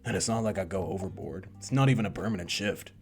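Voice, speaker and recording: Man doing deadpan teasing courier, deep voice, lively intonation. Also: fast, music in the background. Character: calm teasing young deliveryman. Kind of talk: visual novel voice reading.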